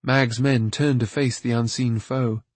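A man narrating a fantasy novel aloud in a steady, even storytelling manner. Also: mid-range voice, measured pace, no echo. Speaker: audiobook narrator. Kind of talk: scripted narration.

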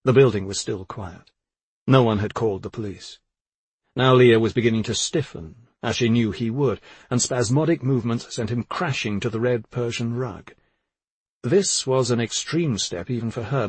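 A man narrating a thriller audiobook in a measured, even scripted style. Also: medium pitch, husky, dry recording.

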